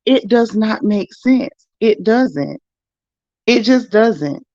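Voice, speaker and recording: Gravelly-voiced woman chatting on a livestream. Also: on the high side, slow, no room sound, highs cut off. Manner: chatty, animated, talks straight to viewers. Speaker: livestream host reading viewer comments. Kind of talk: casual livestream chat.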